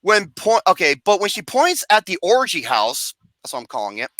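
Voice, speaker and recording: Film review rant, profane, lively swooping pitch, bright edge, dry sound. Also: normal speed, no room sound. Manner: profane, animated, mimics scenes with mock wails and singing. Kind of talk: ranting film review chat.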